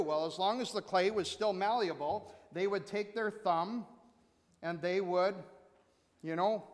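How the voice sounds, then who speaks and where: A man preaching a sermon as pastor, conversational, with repetitions and sudden loud emphasis. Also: high-pitched. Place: church sanctuary. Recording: long church reverb.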